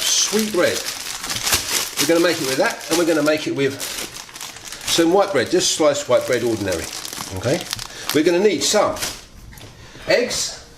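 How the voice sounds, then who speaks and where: A man's voice: medium pitch, background noise. A chatty man hosts a casual home cooking demonstration and talks straight to his viewers. His talk wanders as he cooks. His voice rings around a kitchen full of echo, with pans and cutlery clattering behind him. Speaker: home cooking video host.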